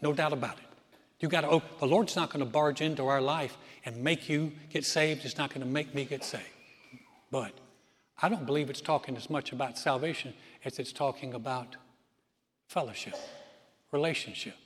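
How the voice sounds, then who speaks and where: A man's voice: mid-range voice, normal speed, fairly bright tone, a little hiss or hum. A man preaching a sermon as pastor, earnest and conversational with emphatic bursts. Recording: long church-hall reverb.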